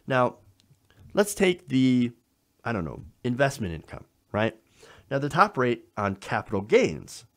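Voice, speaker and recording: A man hosting a political commentary show, explaining in an emphatic style and often checking in with the listener. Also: mid-range voice. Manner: emphatic, explanatory, frequent "now" and "okay?" checks.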